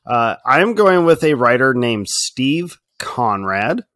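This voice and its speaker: A man with a mid-range voice talks slowly and unhurriedly in a casual podcast chat, often stretching out his words. He laughs easily, and his voice sounds close and dry, with no room echo. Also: medium pitch. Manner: relaxed, drawn-out, laughs easily. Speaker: podcast co-host.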